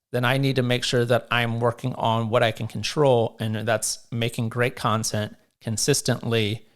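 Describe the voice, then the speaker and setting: A male podcast host at an ordinary, middle pitch, talking through his week in a relaxed, encouraging way. He coaches listeners on discipline and habits, filling his sentences with loose ums and uhs as he goes. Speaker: podcast host and real estate agent. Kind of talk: solo motivational podcast talk.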